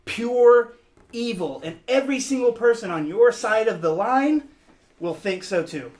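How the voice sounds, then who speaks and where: Slow, drawn-out game night arguer. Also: medium pitch, animated, darkish tone. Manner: argues at length with a laugh. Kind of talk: casual banter over a card game.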